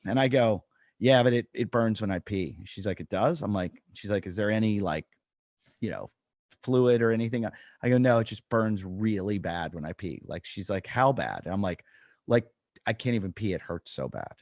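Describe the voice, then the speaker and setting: Brief: male comedian co-host, lowish voice, dry close sound, animated anecdote-teller. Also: moderate pace, no echo. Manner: animated storyteller acting out quotes. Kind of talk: casual storytelling chat.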